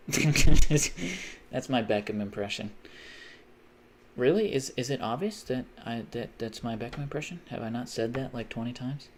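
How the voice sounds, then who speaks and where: A man's voice: mid-range voice, brisk, few pauses, darkish tone, slight background noise. A man streaming live while he plays a game, rambling in a self-mocking way and chanting silly repeated noises. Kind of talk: casual live-stream chat while gaming.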